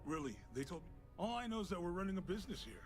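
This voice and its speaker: A man's voice: sits high, very animated, very fast, soft background music. An actor playing a laid-back young male shop clerk who talks in casual slang. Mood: gossipy.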